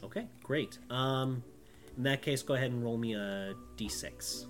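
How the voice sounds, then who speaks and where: A man narrating as game master in a relaxed way, with plenty of fillers. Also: medium pitch, normal speed. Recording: background music.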